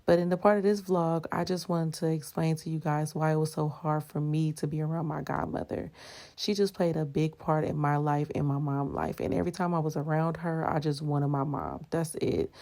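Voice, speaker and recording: A woman's voice: sits low, mellow. A young adult woman recording a frank aside to her viewers, explaining herself plainly. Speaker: vlogger.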